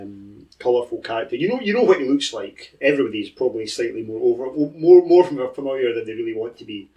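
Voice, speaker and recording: A man's voice: mid-range voice, a little mellow, recorded from a distance, poor audio. Man narrating as game master. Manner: rambling, hesitant descriptions.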